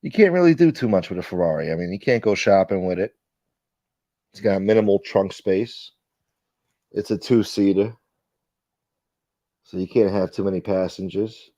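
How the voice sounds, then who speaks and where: A man's voice: sits low, animated, normal speed, pauses often, mellow, no room sound. A man hosting a casual livestream, reading viewer comments aloud and telling stories in a profane, rambling way. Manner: profane, rambling, reads chat aloud, acts out quoted friends. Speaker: livestream host.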